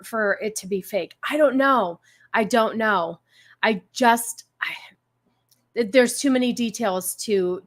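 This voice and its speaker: A woman's voice: mid-range voice, fairly bright tone. A woman hosting a casual live stream, greeting viewers and musing aloud with many fillers and restarts. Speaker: stream host.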